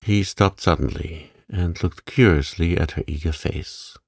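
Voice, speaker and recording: Calm guy reading a bedtime story for grownups, deep and slow, gravelly. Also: no echo, studio quality. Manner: calm, gentle, unhurried. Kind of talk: calm sleep-story narration.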